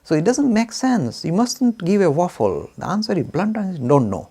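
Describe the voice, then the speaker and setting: Animated, gravelly-voiced male lecturer. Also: high-pitched, normal speed. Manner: asks rhetorical questions and acts out both sides of a dialogue. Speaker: lecturer on religion. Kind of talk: lively lecture.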